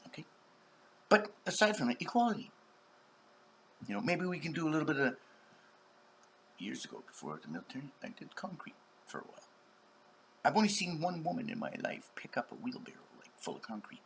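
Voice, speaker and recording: Profane rambling man, wildly lively pitch. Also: fairly quick, gravelly, long pauses, a little hiss or hum. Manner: profane, swings between whispers and shouts. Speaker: vlogger. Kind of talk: rambling monologue.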